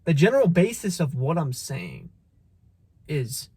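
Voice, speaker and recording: High-voiced guy swearing thru a motivational rant, preachy, keeps restarting, dry close sound. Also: huge pitch swings, measured pace, dark tone, slightly rough, no room sound. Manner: blunt, profane, preachy; repeats phrases, stumbles on restarts. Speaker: motivational vlogger. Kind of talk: casual motivational monologue.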